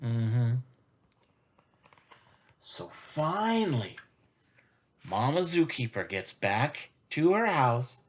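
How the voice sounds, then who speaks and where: A woman reading a picture book aloud to young children in a gentle, sing-song storytelling manner. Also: deep voice, very animated, slow. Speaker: storytime reader.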